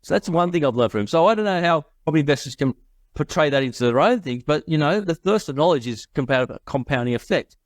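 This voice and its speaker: A man's voice: on the high side, lively intonation, fast talker, dry recording. A middle-aged man telling business stories in a casual podcast interview, quoting people in voices and laughing often. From Australia. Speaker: guest investor.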